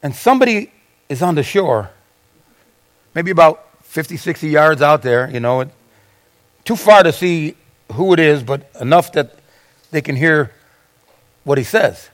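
A man's voice: on the high side, expressive, a little slow, long pauses. A man preaching a sermon as pastor, retelling scripture with dramatic storytelling and acted-out voices.

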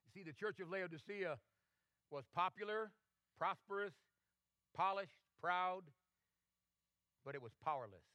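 A man's voice: high-pitched, expressive, measured pace, pauses often, pushed and bright, dry recording. A man preaching a sermon, emphatic and fond of rhetorical questions. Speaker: pastor.

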